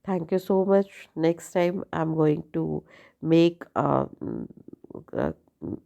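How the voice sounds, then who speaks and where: Slow, gravelly-voiced woman teaching grammar. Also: low voice, animated, dark tone. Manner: slow, deliberate, often checks with "right?". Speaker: English teacher. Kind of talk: grammar lesson.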